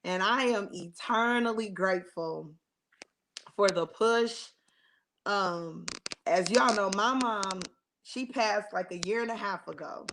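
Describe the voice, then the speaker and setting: A woman's voice: mid-range voice, fairly bright tone, a little hiss or hum, low-quality recording. A woman guest artist on a video call, speaking earnestly and gratefully with hesitant ums. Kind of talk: casual panel chat.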